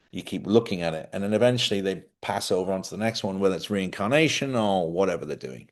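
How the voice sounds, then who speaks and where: A middle-aged man with a fairly low voice hosts a live stream. He drifts from one story to the next in loose, rambling casual chat. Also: animated, a little fast.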